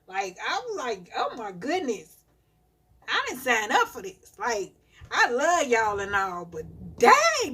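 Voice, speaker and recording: A woman chats on a live stream and rants in a lively way about her young kids, breaking into laughter now and then. Her voice is husky with a sharp, bright edge, and she draws her words out slowly. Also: medium pitch. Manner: animated ranting storytelling, laughing often. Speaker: mother of young children. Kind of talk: casual live-stream chat.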